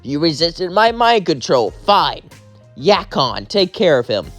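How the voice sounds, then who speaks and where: A man voicing a small, scheming male alien wizard in a shrill, wheedling voice. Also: sing-song, unhurried, a bit bright, faint music behind. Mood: sneering.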